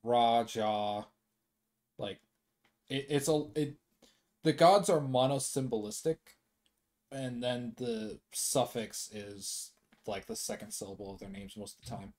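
A man's voice: mid-range voice, unhurried. Regular guy player at a tabletop game, rambly, keeps restarting, casual chat. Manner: rambling, restarting, animated when excited.

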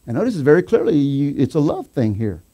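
A man preaching a sermon as pastor, telling a story with quoted voices and rising to excited shouts. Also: on the high side, fairly quick. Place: church sanctuary.

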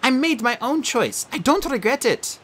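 Gentle teenage ghost girl, soft and high, quietly sad, read by a male narrator. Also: expressive, moderate pace, heavily acted. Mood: gentle sadness.

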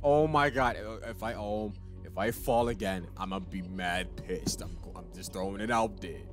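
A man giving let's play commentary, excitable and talking to himself as he plays. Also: lowish voice, normal speed, over music. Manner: excitable, talks to himself while playing. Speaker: gaming channel host.

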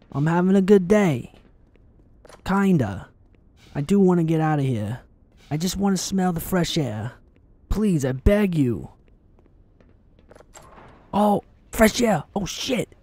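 Excitable cursing gamer guy. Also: fairly high pitch, breathy edge. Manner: excitable, swears a lot, taunts enemies. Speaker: gaming channel host. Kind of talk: let's play commentary.

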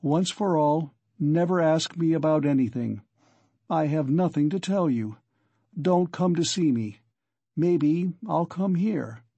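A man's voice: a little high, slow, mellow, dry recording, muffled recording. A man playing a feverish, resolved young man. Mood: insistent.

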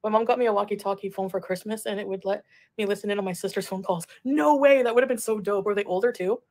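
This livestreamer has a mid-range, slightly mellow voice and speaks quickly. She chats casually with viewers, reads comments out, and laughs often.

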